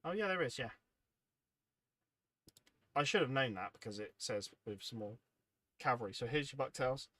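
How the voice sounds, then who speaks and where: A man's voice: medium pitch, lively intonation, moderate pace, pauses often, bright, forceful tone, dry recording. A man hosting a hobby livestream, chatting casually and reading out viewer comments, rambling and self-deprecating, sounding tired and yawning. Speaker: livestream host.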